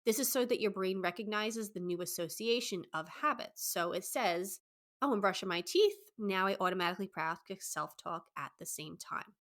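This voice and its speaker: A young woman, a dating coach, giving advice on her podcast in a fast, excited, enthusiastic way. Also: mid-range voice. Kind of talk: solo podcast advice talk.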